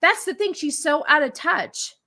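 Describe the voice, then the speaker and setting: A woman's voice: high voice, moderate pace, sharp tone. A woman hosting a casual livestream podcast, talking in a sarcastic, mocking way and laughing often. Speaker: podcast host.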